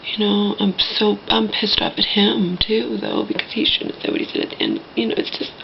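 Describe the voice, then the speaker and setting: A woman's voice: mid-range voice, fairly even intonation, normal speed, vocal fry, dull audio, a little hiss or hum. A woman ranting to her viewers in an indignant, mocking way, swearing and talking straight to the people watching. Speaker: vlogger. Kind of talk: angry personal rant to camera.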